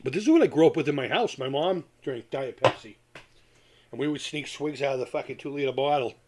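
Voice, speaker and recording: Man, casual live-stream host, rambling, swears freely, chats with viewers, mid-pitched voice. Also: a little fast, a little mellow, slight background noise. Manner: rambling, profane, reads chat aloud while crafting. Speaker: retro gaming channel host.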